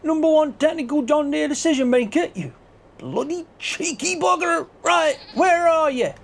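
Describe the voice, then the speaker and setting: A man voicing a hot-tempered farmer with a strained, raspy voice who rants and threatens. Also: very high voice, moderate pace, voice pushed up. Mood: furious. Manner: ranting, threatening, yelling. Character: furious shouting male farmer, hot-tempered. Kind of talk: game video character voice.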